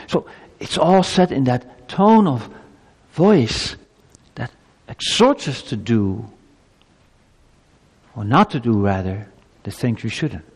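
A man's voice: slow pace, pauses often, slightly rough. Man preaching in an echoing church. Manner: preaching with lively pitch swings and emphatic rhetorical questions. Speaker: pastor. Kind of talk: sermon.

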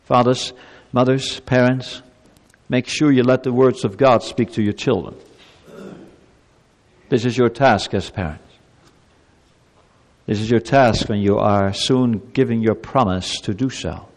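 A man preaching a sermon as pastor, animated, sometimes speaking God's words in a pleading tone. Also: mid-range voice, unhurried, long pauses. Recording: long hall reverb.

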